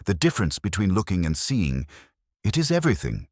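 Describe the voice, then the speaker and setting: A man voicing a fussy, precise older detective who talks in a pompous, gently reproachful way. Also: low voice, huge pitch swings, brisk, dry recording, clean studio sound, voice pushed up, exaggerated voice. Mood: lecturing.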